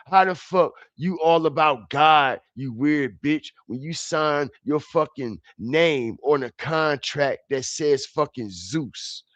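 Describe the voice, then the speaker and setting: A man's voice: fairly high pitch, no room sound, highs cut off. A man hosting a livestream, ranting in a heated, confrontational way, taunting and repeating himself. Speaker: livestream commentary host. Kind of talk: profane ranting livestream commentary. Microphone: streaming setup mic.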